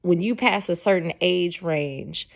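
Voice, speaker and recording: A woman's voice: fairly low pitch, measured pace, creaky. A woman in her forties, a podcast host chatting in a casual storytelling monologue, emphatic and often laughing. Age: 40s.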